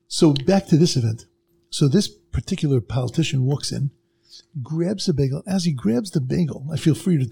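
A middle-aged man with a heavily gravelly, husky voice tells a story in casual podcast chat. His tone is dark and mellow, yet fairly high for a man. He acts out the people in his story, jumping sharply up in pitch. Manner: acts out quoted people with big jumps in pitch.

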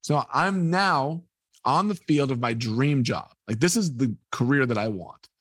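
A man recounting a story as an interview guest, mid-pitched and close to the mic in a dry space. He tells it with energy and slips into the voices of the people he quotes. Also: normal speed, dry recording. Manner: animated, acts out quoted dialogue. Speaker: sports photographer, interview guest. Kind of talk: storytelling anecdote.

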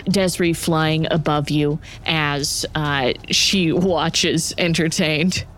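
A game master running a tabletop game, relaxed and amused while narrating. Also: medium pitch, slow pace, a little hiss or hum.

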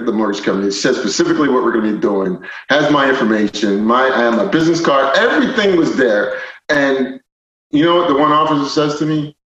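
A man telling a personal story as a podcast guest, animated, moving from quiet stretches to loud indignant retellings. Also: medium pitch. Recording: roomy, slightly dull podcast audio.

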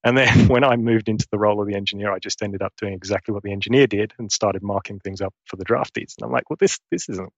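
Interview guest, English-born man with Australian-leaning accent, low-pitched, dull dry recording, earnest with restarts. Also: fairly even intonation, quick pace, hardly any pauses, no room sound. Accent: Essex English turned Australian. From England. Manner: earnest storytelling with frequent restarts. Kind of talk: conversational interview.

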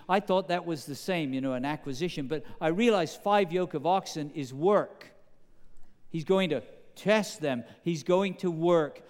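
A man with a high, smooth, resonant voice delivers a sermon, peppering the congregation with questions in an emphatic, animated way. His words ring out with the long reverb of a large hall. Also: unhurried. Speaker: pastor.

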